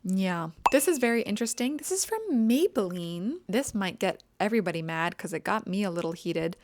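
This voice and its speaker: A woman's voice: medium pitch, no echo. A young woman talks through new makeup releases in a casual vlog, with a mid-range voice. She rants with exasperated sarcasm and leans hard on her points. The sound is dry and close, with no room around it. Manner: exasperated, sarcastic ranting with dramatic emphasis. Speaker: beauty vlogger. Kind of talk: casual ranting makeup review.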